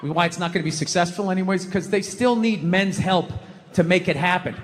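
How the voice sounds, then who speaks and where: A man doing stand-up comedy on stage, ranting and exasperated, shouting his punchlines. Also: high voice, brisk, long reverb tail, a little hiss or hum. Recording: live stage audio with audience.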